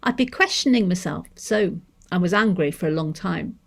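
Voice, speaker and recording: A woman's voice: lowish voice, expressive, moderate pace, vocal fry. A woman from Manchester reading aloud the words of an angry young Scottish mother, with a Scottish lilt and a heated, self-questioning manner. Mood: resentful.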